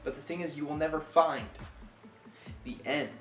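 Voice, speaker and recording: A man's voice: normal speed, faint music behind. Man reciting intense spoken-word poetry. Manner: intense, swinging between loud outbursts and quiet low lines. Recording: echoey room.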